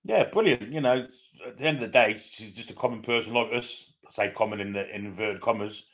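A man's voice: on the low side, brisk, a bit bright. A man co-hosting a casual fan chat show, chatty and agreeable. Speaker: co-host of a football fan show. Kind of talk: casual live-stream chat.

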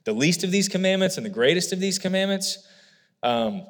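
A man's voice: sits high, animated, fairly quick. A man preaching a sermon, explaining scripture earnestly and emphatically, with frequent asides to the congregation. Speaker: pastor. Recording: long hall reverb.

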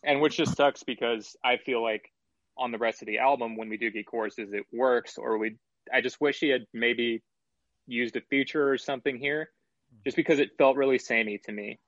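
A man hosting a casual album review chat, talking in an analytical and measured way with some swearing. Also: mid-range voice, steady tone, fairly bright tone, no echo, highs cut off.

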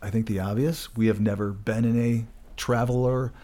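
A man's voice: mid-range voice, fairly even intonation, moderate pace, warm tone. A man co-hosting a podcast in casual chat, dry and teasing, with rambling sentences. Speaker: podcast co-host.

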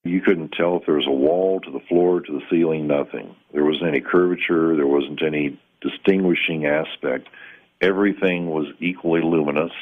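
A man calmly recounting a strange personal experience in plain, measured words, sometimes pausing to find the right term. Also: a bass voice. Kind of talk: first-person spoken recollection. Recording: tinny phone-like line.

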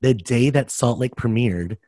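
A man co-hosting a casual podcast, animated and profane, who often acts out other people's voices. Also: mid-range voice, unhurried, dry recording, clean studio sound. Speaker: podcast co-host.

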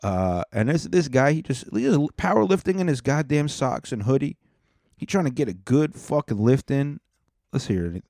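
A man's voice: mid-range voice, sing-song, normal speed, dark tone, no room sound, clean studio sound. Laid-back, profane podcast host man. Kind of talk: casual reaction commentary.

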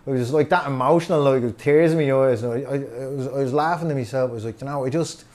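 A man hosting a podcast, telling a story in a casual, animated way with plenty of swearing. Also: medium pitch, quick pace. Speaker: podcast host.

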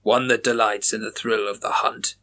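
A man's voice: on the low side, little pitch movement, normal speed, bright, forceful tone. A man voicing a male police officer partner in a horror story, speaking in a clipped, defensive way. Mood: grim.

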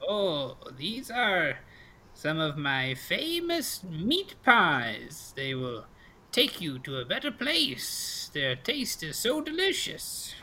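A man voicing a hunchbacked old woman who sells pastries, speaking slowly in a high, drawn-out, sing-song way. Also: huge pitch swings, pushed and bright, exaggerated voice. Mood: sinister sweet.

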